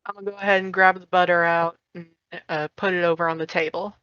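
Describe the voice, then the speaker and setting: A woman's voice: lowish voice, level tone, fast, fairly bright tone, clear, resonant tone, no echo, dull audio. A woman taking part in a tabletop role-playing game, cheerful and polite in character. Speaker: player. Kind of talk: casual tabletop role-play.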